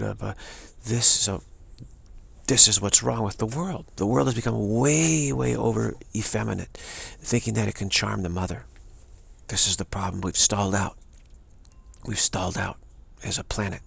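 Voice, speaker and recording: A man's voice: lowish voice, normal speed, creaky, fairly bright tone, breathy edge. A man giving an emphatic spiritual talk, repeating and restarting phrases as he presses his point. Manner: emphatic, repetitive, many restarts. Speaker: spiritual teacher.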